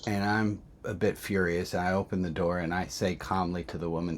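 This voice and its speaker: Man, rabbi, storytelling talk, candid, reflective, halting restarts, lowish voice.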